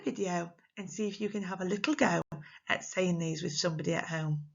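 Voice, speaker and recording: A woman teaching young children in a recorded lesson, speaking slowly and clearly with an English accent and acting out her examples in an exaggerated, expressive voice. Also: lowish voice, highs cut off. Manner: slow, clear, encouraging talk to small children. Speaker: primary school teacher.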